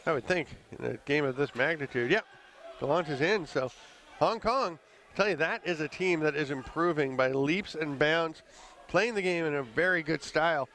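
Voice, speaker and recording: A man calling a live lacrosse game play by play, brisk and conversational, with the odd chuckle. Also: a little high, a bit bright. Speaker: play-by-play commentator. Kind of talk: live sports commentary.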